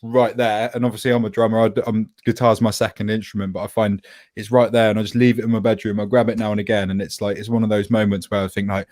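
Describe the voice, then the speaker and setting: A man's voice: on the low side, little pitch movement, quick pace, a little mellow, dry recording. A man hosting an online show in casual chat, rambling and joking at his own expense. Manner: rambling, joking, self-deprecating. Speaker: host.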